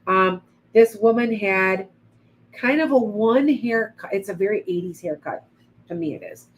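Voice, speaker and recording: A woman's voice: medium pitch, unhurried, a little hiss or hum, rough recording. A middle-aged woman giving rambling psychic readings on a live stream. She greets viewers by name as she goes. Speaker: psychic medium.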